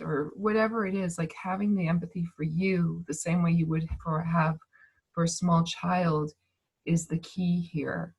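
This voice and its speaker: Woman teacher, casual talk, soft breathy tone, halting and gentle with restarts, video-call sound. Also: fairly low pitch, fairly even intonation. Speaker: speaker on emotions and manifestation. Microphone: video call mic.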